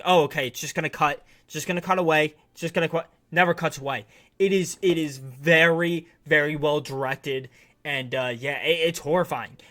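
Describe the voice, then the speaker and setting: A man's voice: on the high side, sharp tone. A man casually reviewing a TV series on his channel, enthusiastic and rambling, with lots of restarts and slang.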